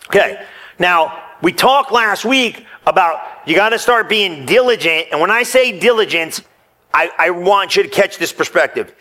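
A man preaching a sermon in church, energetic and joking with the congregation, sometimes rising close to a shout. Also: sits high, normal speed. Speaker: pastor.

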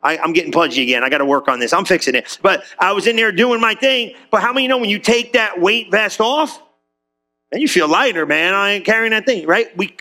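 A man with a high, bright voice preaches in a loose, chatty way. He slips into little acted-out voices and trips over his words as he restarts his sentences. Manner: conversational, acts out quoted voices; repeats himself with restarts. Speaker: pastor. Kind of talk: lively sermon.

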